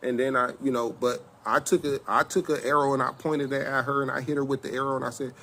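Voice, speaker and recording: A middle-aged man, telling a personal testimony in casual, animated speech and acting out both sides of an argument. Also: mid-range voice, quick pace, few pauses, a little hiss or hum. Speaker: self-styled apostle telling a personal testimony.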